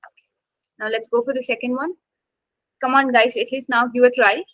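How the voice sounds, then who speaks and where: A woman's voice: a little high, little pitch movement, a little fast, fairly bright tone, no room sound, poor audio. A woman instructor teaching an online English class, coaxing students to take part, with many fillers.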